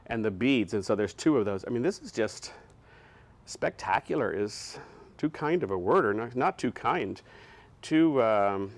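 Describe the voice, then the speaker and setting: A man hosting a casual product showcase in a showroom, gushing with enthusiasm and piling on superlatives as he walks around. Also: medium pitch. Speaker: host showing his decor collection.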